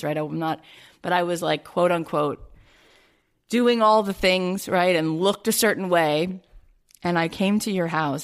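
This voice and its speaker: A woman hosting a heartfelt conversation, her voice sitting a little low. She talks earnestly, retelling a personal story and acting out what others said to her. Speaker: host.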